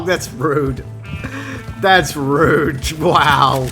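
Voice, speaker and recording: Soft music plays behind this man as he streams a game, his higher, fairly bright voice lively in intonation and normal in speed. He rambles to his viewers, frequently restarting sentences.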